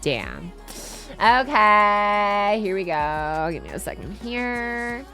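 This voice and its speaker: A woman with a Southern US twang, talking casually on a game stream. She rambles and swears offhandedly at a middling pitch, with faint music underneath. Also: very animated, slow, sharp tone. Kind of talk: casual livestream chat.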